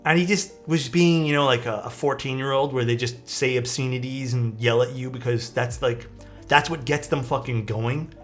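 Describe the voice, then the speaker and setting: A young man talks into his desk mic as he streams, rambling through a story with a steady mid-range voice. He fills the talk with "like" and the odd curse word, and soft music plays faintly behind him. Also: mid-range voice, moderate pace. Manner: rambling and chatty, peppered with "like" and swearing. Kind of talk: casual storytelling while building a keyboard on a live stream. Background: faint background music.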